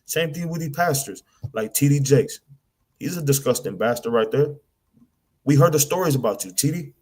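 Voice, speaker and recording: A man's voice: medium pitch, expressive, brisk, a little mellow. Blunt, stammering preaching man. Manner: blunt, repetitive, slangy, mimics people in asides; stammers and repeats words. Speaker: street preacher. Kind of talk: preaching rant.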